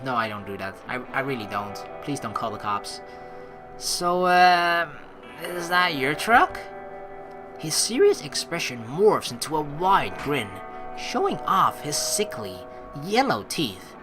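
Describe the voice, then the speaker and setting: A woman's voice: on the low side, very animated, a little slow, fairly bright tone, faint music behind, low-quality recording. A woman hosting a let's play, reading a visual novel aloud and breaking off into sarcastic, swearing asides.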